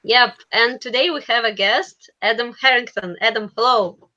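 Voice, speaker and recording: A woman's voice: on the high side, normal speed, sharp tone, dull audio. A woman with a Russian accent hosting the show, giggly and bubbly. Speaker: host.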